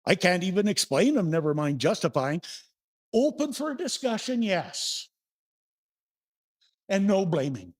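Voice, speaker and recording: A man's voice: high-pitched, big pitch swings, moderate pace. Older man giving a folksy sermon. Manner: folksy storytelling, asks the congregation questions. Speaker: minister. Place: church sanctuary.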